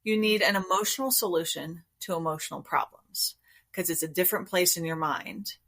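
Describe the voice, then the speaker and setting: A woman therapist, a guest on a podcast interview, explaining her approach in a calm, measured way. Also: on the low side. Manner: calm, measured, explanatory, acts out inner voices.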